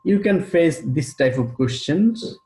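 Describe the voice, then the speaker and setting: A man teaching an English grammar lesson, speaking slowly and deliberately and repeating key terms for his students. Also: fairly high pitch, animated, warm tone. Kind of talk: recorded classroom lecture. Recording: roomy echo.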